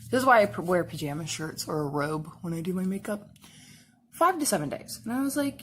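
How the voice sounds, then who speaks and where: A woman's voice: on the low side, lively intonation, fast talker, a little hiss or hum. A young woman chatting casually while she does her makeup, rambling along with lots of "like" fillers. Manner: rambling, full of "like" fillers and laughs. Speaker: makeup and cosplay vlogger.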